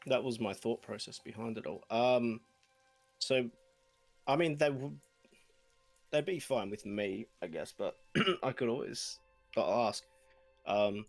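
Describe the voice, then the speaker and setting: A man's voice: mid-range voice, lively intonation, slow pace, pauses often, faint music behind. An Australian man playing a tabletop game, thinking aloud with hesitant questions. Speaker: player. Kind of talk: casual tabletop game chat.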